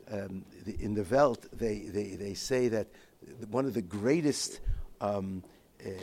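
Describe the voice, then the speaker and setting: A man with a gravelly voice gives a Torah lecture, stopping and restarting his phrases again and again. He slips Hebrew and Yiddish words into his English, with faint noise in the background. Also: lowish voice, darkish tone. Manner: halting, with many repeated restarts. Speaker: rabbi teaching a Torah class.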